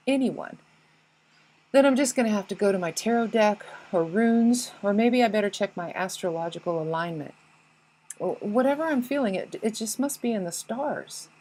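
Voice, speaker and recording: A woman's voice: lowish voice, darkish tone, a little hiss or hum, poor audio. A woman voicing a petty, defensive inner ego that blames everyone else, whiny and indignant, with swearing. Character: petty defensive ego voice, self-pitying, blaming others.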